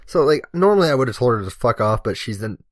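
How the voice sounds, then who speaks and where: A man's voice: mid-range voice, quick pace, no room sound, studio quality. Young man telling a rambling story. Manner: rambling, deadpan, joking. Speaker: guest commentator, firefighter-medic. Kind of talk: casual profane storytelling over gameplay.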